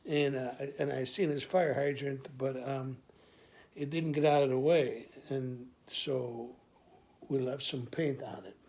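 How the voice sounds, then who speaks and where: A man's voice: mid-range voice, steady tone, measured pace, a little mellow, lightly acted. A man quoting his teenage daughter as she hesitantly and evasively explains something. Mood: sheepish. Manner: hesitant, roundabout. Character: teenage girl, sheepish and evasive.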